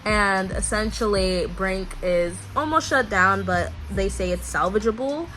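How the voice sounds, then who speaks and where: A young woman vlogging casually about a book she is reading, chatty and quick to gasp and laugh. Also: mid-range voice, faint music behind. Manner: chatty, reacts loudly with gasps and laughs. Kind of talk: casual reading vlog reactions.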